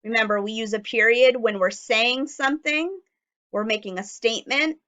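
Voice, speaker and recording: A woman teacher giving a phonics lesson to young children, sounding out letters slowly and clearly. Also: on the high side, sharp tone.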